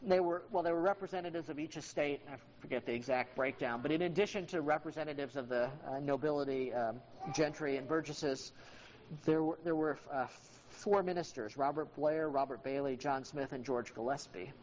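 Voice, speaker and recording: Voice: medium pitch, brisk, a little mellow, muffled recording, slight background noise. A history teacher giving an informal classroom lecture, with frequent ums and uhs and asides to students by name.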